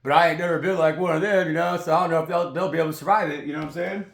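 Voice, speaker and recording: A man's voice: on the high side, steady tone, rapid-fire, gravelly, a little hiss or hum. A man giving a rambling, profane spiritual monologue as a tarot reader, preachy in tone. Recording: roomy echoey sound.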